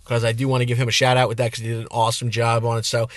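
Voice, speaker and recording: A man's voice: medium pitch, monotone, very fast, dry recording. A young man hosting a gaming channel, giving rambling, casual game commentary outdoors with lots of fillers. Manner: rambling, chatty, with many fillers.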